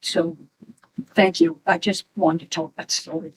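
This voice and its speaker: A middle-aged woman, a mother, telling a halting, animated story at a memorial gathering. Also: on the low side, a little hiss or hum, poor audio. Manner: slow, halting, animated when quoting. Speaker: mother of the deceased.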